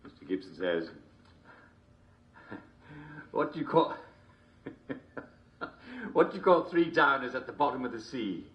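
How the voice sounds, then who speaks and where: A man's voice: mid-range voice, very animated, slow pace, pauses often, a bit bright. A man playing a jovial, constantly chuckling TV host, mock-cheerful and smarmy. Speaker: show host. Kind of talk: comedic character monologue.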